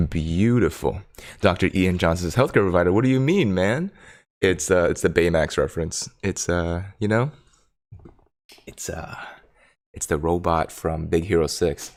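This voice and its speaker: A man with a very deep, gravelly voice hosts a casual livestream from his home desk. He chats loosely, reads viewer comments aloud and breaks off now and then to talk to his dog. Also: expressive, normal speed, darkish tone. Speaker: stock market livestream host. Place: home desk in Silicon Valley.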